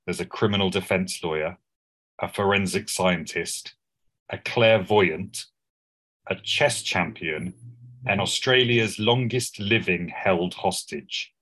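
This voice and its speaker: A man's voice: sits low, takes it slowly, a bit bright, slightly rough. A man co-hosting a casual TV podcast, talking enthusiastically and rambling with restarts. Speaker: podcast co-host. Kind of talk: casual chat.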